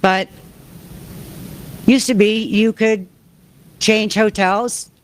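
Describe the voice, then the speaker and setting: A woman's voice: medium pitch, fairly even intonation, drawn-out words, a little hiss or hum. A woman and union member speaking on a panel, emphatic, acting out quotes as she tells her story. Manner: emphatic, acts out dialogue while telling. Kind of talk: panel talk.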